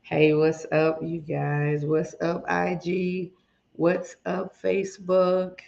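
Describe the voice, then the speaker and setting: Woman, livestream host, casual chat, shaky voice, slow, greets viewers by name, slightly muffled iPad audio. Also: lowish voice, completely flat delivery, creaky, a little mellow. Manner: chatty, greets viewers one by one. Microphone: iPad and phone at arm's length.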